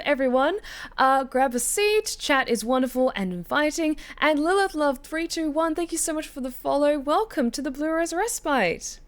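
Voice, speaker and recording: Woman, game streamer, cheerful, filler-heavy chat, mid-high voice. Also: clean tone. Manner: upbeat, grateful, lots of fillers and laughs. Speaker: streamer and voice actor. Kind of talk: casual livestream chat. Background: background music.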